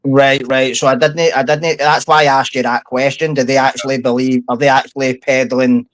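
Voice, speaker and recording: A man's voice: medium pitch, level tone, moderate pace, a bit bright, dry recording, low-quality recording. Middle-aged Scottish man, blunt, heated talker, dry close mic. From Scotland. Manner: blunt, sweary, heated storytelling. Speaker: podcast guest, former prisoner. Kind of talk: casual podcast chat.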